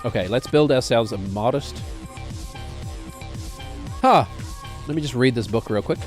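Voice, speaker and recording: Man rambling through gameplay, mid-pitched. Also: a little slow, faint music behind. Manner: rambling, jokey, talks to himself while playing. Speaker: streamer. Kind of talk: casual gameplay commentary.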